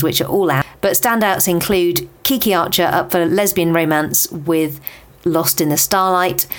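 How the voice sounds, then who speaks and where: Chatty British podcast host, a woman with a lowish voice, reading a book roundup with asides. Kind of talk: scripted book chart roundup.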